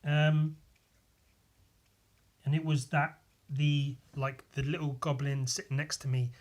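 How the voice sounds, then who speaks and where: A man's voice: a little high, little pitch movement, slow pace. A man hosting a solo podcast, congested, rambling casually with a lot of swearing and self-mockery. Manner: rambling, profane, self-mocking. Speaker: podcast host.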